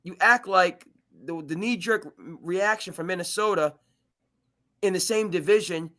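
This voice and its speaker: A man's voice: sits high, moderate pace. A man hosting a live sports talk show, arguing his points with frequent restarts and stammers. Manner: animated, restarts and stammers often. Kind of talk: live sports debate chat.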